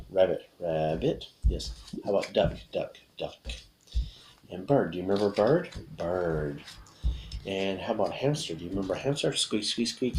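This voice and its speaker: Patient low-voiced male teacher. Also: noisy background. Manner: patient, repeats words slowly for young learners. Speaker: English teacher. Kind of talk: teaching children's vocabulary with gestures.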